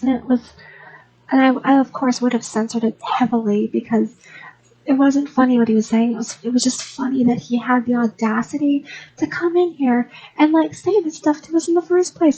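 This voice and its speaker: A woman's voice: high voice, steady tone, a little fast, dark tone, husky, lo-fi sound. A young woman who hosts a gaming channel, rambling casually in an unscripted voice-over with lots of restarts. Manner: rambling, chatty, many restarts.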